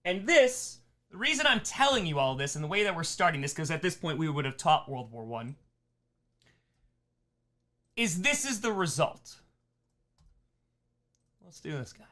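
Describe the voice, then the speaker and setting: A young man giving a lively history lesson on a charity livestream, asking rhetorical questions and acting out mock quotes. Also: on the high side, moderate pace, pauses often. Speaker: streamer teaching history. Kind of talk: energetic classroom lecture. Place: streaming room.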